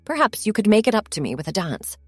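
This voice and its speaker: A woman's voice: medium pitch, big pitch swings, quick pace, fairly bright tone, dry recording. Gallant, kindly tall man, as a woman narrator voices him.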